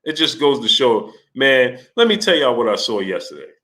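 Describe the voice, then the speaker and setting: Hosting a casual sports livestream, a man with a bright, forward, mid-range voice talks at normal speed. Between points he greets chat viewers by name, and he bursts into animated, exasperated rants.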